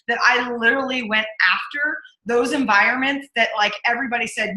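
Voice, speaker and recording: A woman guest coach telling stories in an interview, energetic and punchy, acting out her own inner voice. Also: a little high, brisk, few pauses, roomy sound, rough recording. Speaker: podcast guest, accountability coach. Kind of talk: candid interview storytelling.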